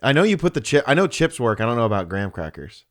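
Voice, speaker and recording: A man's voice: mid-range voice, big pitch swings, fast talker, fairly bright tone. Teasing young man, casual podcast banter. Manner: teasing, jokey interjections. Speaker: podcast co-host. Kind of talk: casual chat.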